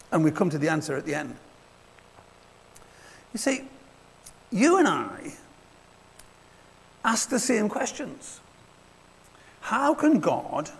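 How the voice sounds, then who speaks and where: A man preaching in a church, his voice high and animated, sliding up and down as he talks. He has a gravelly edge to his tone and often acts out short dialogues. A long reverb from the hall trails after his words. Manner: conversational, acts out little dialogues. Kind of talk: sermon.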